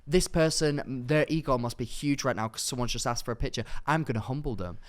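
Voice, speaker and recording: A young man co-hosting a podcast, telling animated and indignant stories in casual chat. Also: medium pitch, a little fast. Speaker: podcast co-host.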